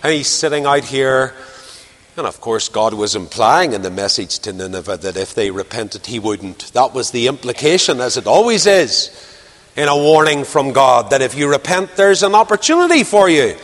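A male preacher delivering a sermon with a lively, swooping pitch. He presses rhetorical questions, swinging from loud to hushed, while long reverb trails his words through the hall. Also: normal speed.

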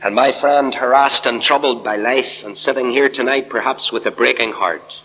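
Older preacher in reverberant hall. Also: male voice, normal speed, breathy edge. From Northern Ireland. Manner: emphatic, rising to loud peaks then dropping low. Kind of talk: sermon.

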